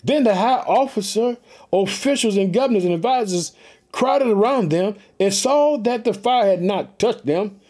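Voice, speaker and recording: High-voiced excitable male preacher. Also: moderate pace. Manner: exclamatory, repeats catchphrases, swings between reading and asides. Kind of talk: energetic sermon retelling scripture.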